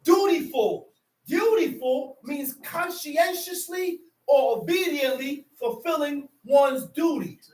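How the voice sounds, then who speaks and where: Guy yelling scripture at a small crowd, real high voice, keeps going "huh?", echoey room, mic way off. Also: slow, distant mic. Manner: shouting and animated, repeats phrases, prods the room with "huh?". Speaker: teacher at a religious assembly. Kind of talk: impassioned scripture teaching.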